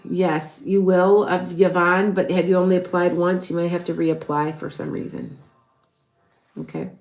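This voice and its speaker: Low-voiced woman hosting a live tarot stream. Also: level tone, moderate pace, a little mellow, echoey room. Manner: chatty, answers viewer questions with fillers. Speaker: tarot reader and show host.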